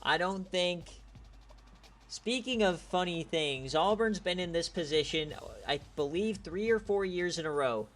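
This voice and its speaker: A male game streamer who hosts an online league provides casual live-stream commentary, joking and trash-talking and getting loud and excited at big plays. His voice sits high and a little slow, with faint music behind him.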